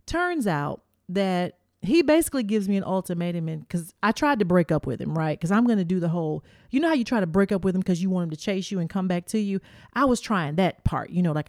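A middle-aged woman hosting, telling a personal story in a lively, animated way and acting out the voices of the people in it. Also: fairly low pitch, fast, no room sound, clean studio sound. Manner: animated, acts out quotes, addresses listeners as y'all. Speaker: host.

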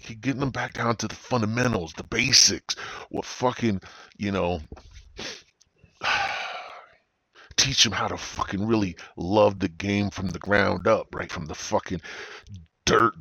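A man's voice: on the low side, sharp tone, slightly rough, no echo. A middle-aged man hosting a podcast, ranting in a profane, joking way and slipping into mocking voices. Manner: swears constantly, slips into mocking voices. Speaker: podcast host. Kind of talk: profane comedic rant.

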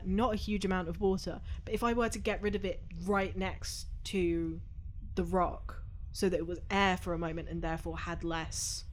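A woman's voice: lowish voice, a little hiss or hum. A woman playing a tabletop game, laying out a plan step by step in a methodical way. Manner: methodical, reasoning aloud. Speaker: player.

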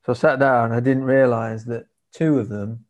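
A man's voice: medium pitch, steady tone, moderate pace, darkish tone. A man as a podcast guest, chatting casually over a video call and calling his friend "mate". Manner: laid-back, says "mate" a lot.

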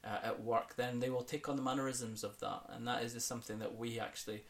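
A man's voice: mid-range voice, fast talker, vocal fry. A man from the United Kingdom, an accent coach talking enthusiastically in a podcast interview. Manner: enthusiastic, animated when talking about accents; fillers and restarts, thoughtful.

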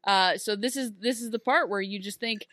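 A woman co-hosting a casual podcast, recapping a TV episode and acting out the characters' lines in quick animated bursts. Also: medium pitch, no room sound, clean studio sound. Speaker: podcast co-host. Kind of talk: casual recap chat about a TV show.

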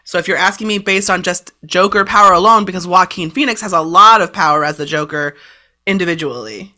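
Woman co-host, bright tone, animated and profane, casual banter. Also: lowish voice. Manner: animated, swears freely, quick laughs. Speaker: podcast co-host asking questions. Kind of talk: casual chat.

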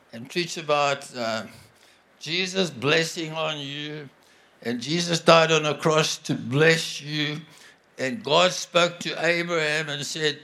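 A man preaching a sermon in an earnest, conversational way, often pausing and restarting his sentences. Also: fairly high pitch, sharp tone. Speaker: guest preacher.

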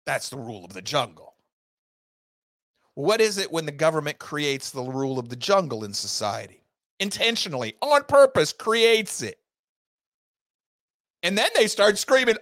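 A man's voice: sits high, big pitch swings, moderate pace, a bit bright, no room sound, clean studio sound. A man hosting a podcast, delivering an angry, sarcastic political rant with heavy emphasis. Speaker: podcast host.

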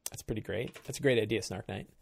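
A man hosting a game-prep show, thinking aloud while he plans a tabletop session, musing in halting stops and restarts. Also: lowish voice, creaky, husky.

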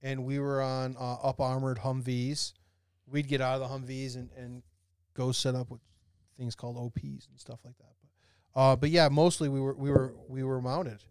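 A man's voice: mid-range voice, normal speed, clear, resonant tone, no room sound, clean studio sound. A man in his forties, a former Army officer, telling stories on a casual podcast with lots of swearing and laughter. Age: 40s. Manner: animated storyteller, profane, laughs often.

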